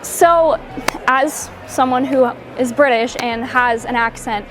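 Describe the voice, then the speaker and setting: A woman's voice: high-pitched, takes it slowly, a bit bright. A woman interviewing actors in a casual, enthusiastic, giggly way. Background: music.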